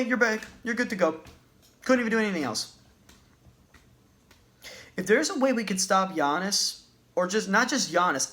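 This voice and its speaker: A man's voice: high-pitched, fairly bright tone. A man ranting as a basketball fan in a vlog, agitated, profane and repeating himself. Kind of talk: sports rant vlog.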